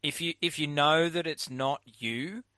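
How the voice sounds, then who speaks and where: A man's voice: fairly high pitch, a little slow, pushed and bright, no echo. A man hosting a podcast, speaking earnestly and encouragingly in casual conversation. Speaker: podcast host.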